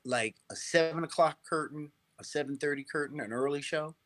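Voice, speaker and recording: A middle-aged man, a guest on an interview show, telling stories in a lively way, restarting phrases and checking in with "right?". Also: on the high side, fairly quick. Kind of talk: casual interview storytelling.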